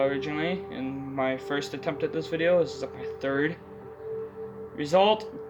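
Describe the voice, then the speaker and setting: Over loud background music in a rough recording, a young man with a higher-pitched voice narrates historical facts for a video. His commentary is casual, and he trips on names, then fixes them with mumbled asides.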